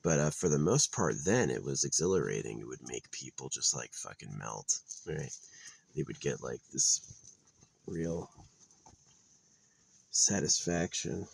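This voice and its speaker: A man's voice: very deep voice, very animated, a little slow, vocal fry, long pauses, slight background noise. A man rambling in a blunt, crude monologue outdoors, full of fillers and restarts. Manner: meandering, crude, blunt opinions with many fillers.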